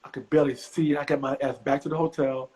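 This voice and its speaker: A middle-aged man from the US East Coast, a comedian guest telling profane stories with animated, high-pitched acted quotes. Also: fast, husky, rough recording. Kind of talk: animated storytelling.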